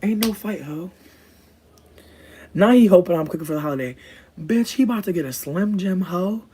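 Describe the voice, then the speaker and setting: A woman chatting casually with her livestream viewers, cursing constantly and jumping into high squeals. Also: lively intonation, moderate pace, warm tone, husky.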